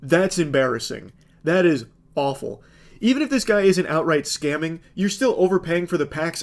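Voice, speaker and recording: A man giving sarcastic, incredulous comedic commentary on video clips. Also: fairly high pitch.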